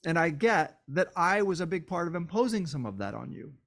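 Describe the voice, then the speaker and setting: A man's voice: on the high side, big pitch swings, fairly quick, fairly bright tone. A man hosting a solo podcast, tired and worn down, talking with passion and repeating phrases for emphasis. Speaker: podcast host.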